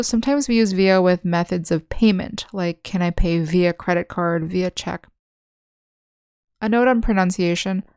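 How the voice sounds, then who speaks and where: A woman English teacher, patiently explaining vocabulary in an online lesson with slow, clear examples. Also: lowish voice, a little mellow, no room sound, clean studio sound.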